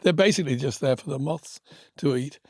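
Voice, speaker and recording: A man's voice: on the high side, a little fast, slightly rough, dry recording, clean studio sound. An older man, co-hosting a casual podcast chat and laughing often. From England. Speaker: podcast co-host.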